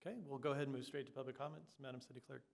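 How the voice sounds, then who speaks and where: A man serving as mayor, chairing a city council meeting in a brisk, procedural way. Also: medium pitch, level tone, vocal fry.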